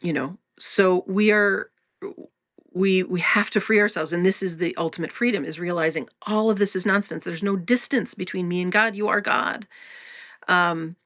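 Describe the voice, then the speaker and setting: A woman's voice: fairly low pitch, moderate pace, a bit bright, dry recording. Woman spiritual teacher, casual talk, potty mouth, laughs a lot, dry close sound. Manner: frank and profane, laughs often, many restarts. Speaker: spiritual teacher and podcast host.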